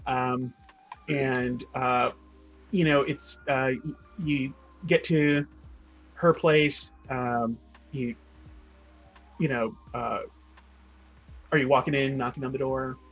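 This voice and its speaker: A man's voice: medium pitch, fairly even intonation, slow, pauses often, fairly bright tone, faint music behind, poor audio. A man narrating a tabletop game as game master, rambling and restarting often. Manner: rambling, full of fillers and restarts.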